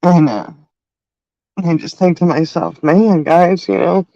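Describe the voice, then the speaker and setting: A middle-aged woman hosting a livestream, talking in a halting, heartfelt way and crying at times. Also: on the low side, dark tone, dry recording, highs cut off. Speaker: livestream host. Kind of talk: emotional livestream talk.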